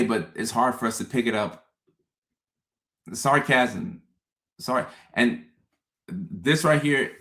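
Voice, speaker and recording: His voice sits lowish with some vocal fry as he hosts a relaxed livestream. Talking animatedly to his viewers, he tends to repeat words and play out what he's thinking.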